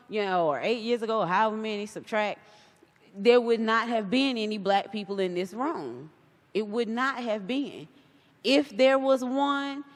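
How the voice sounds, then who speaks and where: Chatty woman speaking in a reverberant hall. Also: a little high. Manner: chatty and animated, acts out quoted voices. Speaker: guest speaker. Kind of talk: casual talk to a live audience.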